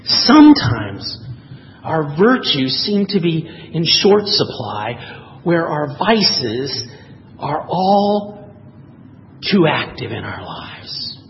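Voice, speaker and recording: Animated male preacher in a reverberant hall. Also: a little high, drawn-out words, dull audio, slight background noise. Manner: animated storyteller, voices quotes. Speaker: pastor. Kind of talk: sermon.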